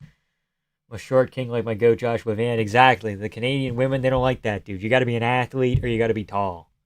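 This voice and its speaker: The host, a man, reads chat messages from viewers and responds with relaxed humor, occasionally dropping to a near-whisper. He speaks fairly quickly at medium pitch, with fairly even intonation and a clean tone, in casual live stream chat.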